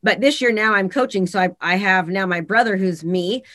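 In a dry recording, a woman speaks at normal speed in a mid-range voice during a relaxed podcast interview. A real estate agent and coach, she's frank and lively, performing the quotes of the people in her stories.

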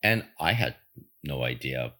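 A man's voice: rumbling low, sing-song, a little slow, bright, forceful tone. An older man hosting a spiritual podcast, telling a personal story in an earnest, emphatic, reflective monologue. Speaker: podcast host and medium.

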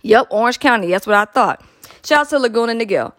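A woman's voice: on the high side, expressive, fast, a bit bright. A woman from Atlanta hosting a podcast, chatting casually, laughing often and making playful asides. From Atlanta, Georgia. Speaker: podcast host.

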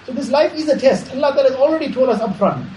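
A man giving a measured Islamic sermon, repeating phrases and explaining Arabic terms. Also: very high voice, lively intonation, dark tone, slight background noise. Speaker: Islamic preacher. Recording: echoey room, faint ambience.

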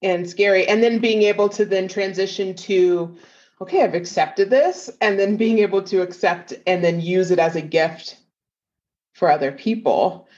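A woman hosting a podcast interview, encouraging her guest and quick to laugh. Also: mid-range voice, darkish tone. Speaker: podcast host. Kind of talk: casual interview chat. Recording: dull lo-fi sound.

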